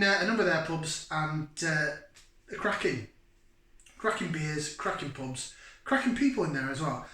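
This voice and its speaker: A man's voice: a little high, fairly bright tone, echoey room. A middle-aged man, hosting a rambling, chatty beer review from home. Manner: chatty, rambling, self-deprecating. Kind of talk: casual chat review.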